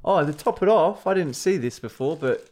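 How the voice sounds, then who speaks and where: Aussie dude on a podcast, deadpan jokes, voice jumps all over the place. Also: male voice, fairly high pitch, moderate pace. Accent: Australian. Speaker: podcast co-host. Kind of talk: crude casual banter.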